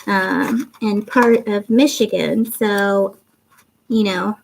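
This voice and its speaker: A woman's voice: mid-range voice, fairly even intonation, slow pace, creaky, slight background noise. A woman in her fifties with faint Canadian and Southern traces, a tired, goofy livestream host chatting, giggling and reading viewer comments. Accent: mixed Canadian and Southern traces. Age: 50s.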